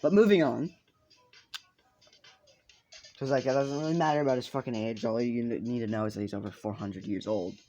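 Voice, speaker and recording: A casual storyteller spins a fan story off the cuff, rambling through likes and you-knows and swearing freely. The voice sits in a middling pitch. Faint game music plays underneath. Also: fairly quick, long pauses, warm tone, lo-fi sound. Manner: rambling, swears a lot, many fillers. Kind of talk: improvised fan-fiction narration. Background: faint video game music.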